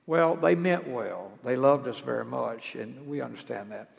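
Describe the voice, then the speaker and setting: A man's voice: mid-range voice, normal speed, gravelly, few pauses. An older man preaching in a folksy, earnest way, speaking about decades in ministry. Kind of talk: sermon. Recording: long hall reverb.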